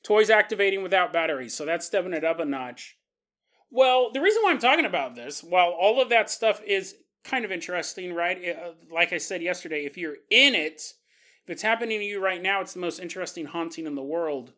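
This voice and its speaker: A man hosting a podcast, telling a story in a casual, animated way, laughing often and acting out quotes. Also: high-pitched, fairly quick. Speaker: podcast host.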